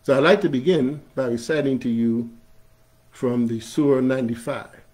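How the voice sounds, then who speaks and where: A male imam giving a sermon, preaching emphatically, growing loud on key phrases and chanting scripture. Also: mid-range voice, normal speed. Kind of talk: Friday sermon. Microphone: streamed live online.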